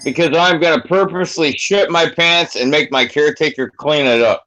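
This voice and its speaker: A man's voice: a little high, moderate pace, bright, forceful tone, no room sound, faint music behind. A man in his fifties calling in, telling crude joking stories with lots of swearing. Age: 50s. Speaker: caller. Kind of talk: casual profane chat. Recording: dull dry call line.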